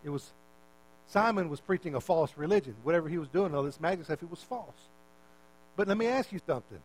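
A man's voice: fairly high pitch, lively intonation, a little fast, rough recording. A male preacher giving a conversational sermon, often repeating words and putting questions to his listeners.

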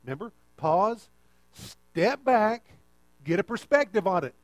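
A man's voice: sits high, sing-song, unhurried, no room sound. A man preaching a conversational sermon and often checking in with the listeners.

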